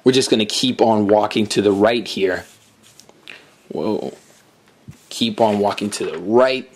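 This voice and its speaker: A man's voice: lowish voice, a little slow, a little mellow. A man giving casual commentary on a video game, reading the on-screen dialogue aloud as he plays. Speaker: gameplay commentator. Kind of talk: let's play commentary.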